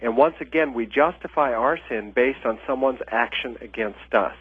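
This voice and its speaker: A man, an author and ministry trainer, explaining things earnestly as a radio interview guest, with frequent small pauses and fillers. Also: mid-range voice, husky. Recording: tinny phone line.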